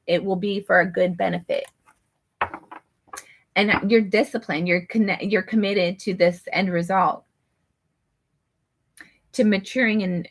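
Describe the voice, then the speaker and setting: A woman's voice: mid-range voice, gravelly, fairly bright tone. A woman giving a casual personal tarot reading, rambling along with lots of "like" and restarts. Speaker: tarot reader. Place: her apartment.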